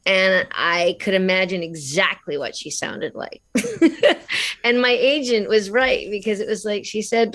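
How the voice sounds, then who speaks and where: Chatty woman with a middle-pitched voice. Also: animated, measured pace. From Australia. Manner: laughs often, restarts phrases, warm and chatty. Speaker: guest voice actress. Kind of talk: casual interview chat.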